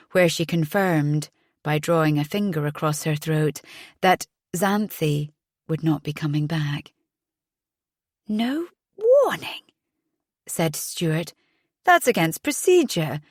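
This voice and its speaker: A woman narrating a thriller audiobook in a measured storytelling voice. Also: on the low side, dry recording, studio quality. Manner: measured storytelling, voicing each character in dialogue.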